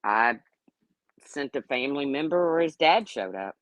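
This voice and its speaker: Deep-voiced woman telling casual stories. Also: expressive, normal speed, dry recording, low-quality recording. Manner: candid, swears freely, acts out quotes. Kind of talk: casual storytelling.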